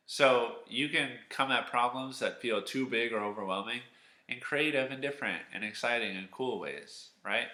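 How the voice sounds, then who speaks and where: A man teaching children, telling a Bible story in a chatty, animated way, acting out the characters and asking the kids questions. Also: medium pitch, moderate pace, echoey room.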